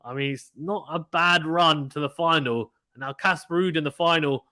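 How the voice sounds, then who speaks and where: Bright chatty British tennis commentator man. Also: fairly high pitch, normal speed. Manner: chatty, laughs often, reads viewer comments aloud. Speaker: live watchalong commentator. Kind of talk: casual play-by-play commentary reading chat.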